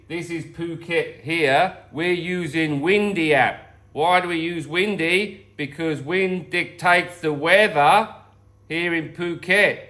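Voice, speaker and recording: A man putting on a slow, laid-back Australian accent as a colleague giving the weather update. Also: on the high side, fairly bright tone. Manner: slow, drawling delivery.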